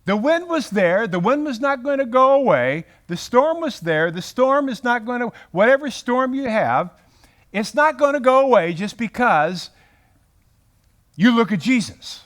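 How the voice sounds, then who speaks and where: A man teaching a Bible study to a group in a room, animated and often breaking off his sentences to restart them. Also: extremely high pitch, a little slow. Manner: animated, self-interrupting, acts out quotes.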